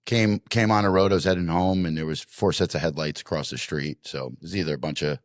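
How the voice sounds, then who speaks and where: A man's voice: low-pitched, fast talker, dry recording, studio quality. A man co-hosting a podcast, telling a funny family story with lots of restarts and acted-out voices. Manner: animated storyteller, acts out voices, many restarts. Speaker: podcast co-host. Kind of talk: casual storytelling.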